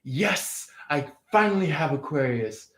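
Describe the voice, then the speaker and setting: A man voicing a smug, scheming rival lover in a higher, twangy taunting voice. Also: lively intonation, a little slow, a bit bright, roomy sound.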